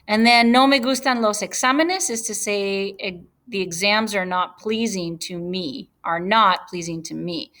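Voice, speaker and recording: Female teacher, unhurried, patient and explanatory, recorded on a computer mic for a lesson. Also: medium pitch, fairly bright tone. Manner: patient, explanatory, with fillers and self-corrections. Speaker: Spanish teacher. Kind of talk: screen-share grammar lesson.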